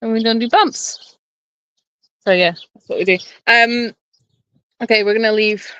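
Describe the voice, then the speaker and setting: A woman's voice: on the high side, fairly even intonation, unhurried, a bit bright, smooth, dry recording, muffled recording. Cheerful woman reading viewer messages. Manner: cheerful, chatty, laughs easily. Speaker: sanctuary co-host. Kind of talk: casual livestream chat, reading viewer messages.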